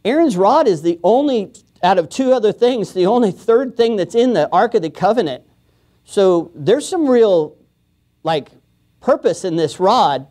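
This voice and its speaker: A man's voice: high voice, dark tone. A man preaching a sermon as pastor, in a casual, joking way, often chuckling and acting out quoted voices. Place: church.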